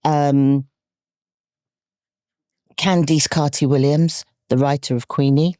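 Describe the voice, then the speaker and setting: A woman talks as a guest on a casual podcast, playful and animated, laughing easily. The studio sound is dry and close. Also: deep voice, takes it slowly, dry recording. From London, England. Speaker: guest, comic actress.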